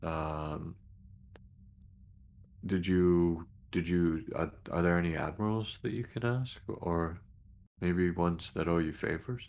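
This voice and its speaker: Slow, deep-voiced hesitant man. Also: steady tone, a little mellow. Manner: halting, hesitant, many restarts and fillers. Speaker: player as station commander. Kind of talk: tabletop role-play, in character and narrating actions.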